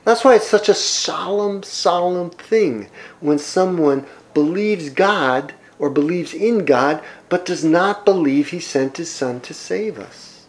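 A man preaching a sermon, reading scripture aloud and commenting on it, with emphatic swings between loud and soft. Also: a little high, rough recording. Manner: slow, emphatic preaching with wide swings in loudness. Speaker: pastor.

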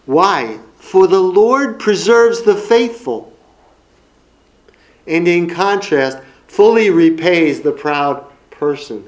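A man's voice: high voice, lively intonation, takes it slowly, low-quality recording. A man delivering a sermon, his voice sitting a little above the usual male range. He reads scripture aloud, then expounds it, stressing key words through repetition. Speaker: preacher.

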